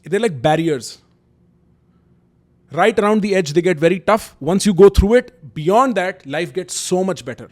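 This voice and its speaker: A man's voice: high-pitched, expressive, measured pace, darkish tone. Candid Indian man telling stories. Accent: Indian English. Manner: candid, emphatic, mixes Hindi kinship words and slang. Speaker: YouTube host. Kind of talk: personal storytelling to camera.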